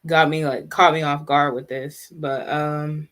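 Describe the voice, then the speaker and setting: Brief: live-stream host, halting off-the-cuff chat, mid-pitched, talks straight to viewers in the chat. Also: level tone, fairly bright tone. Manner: chatty, answers live viewers' comments; halting, many restarts and asides.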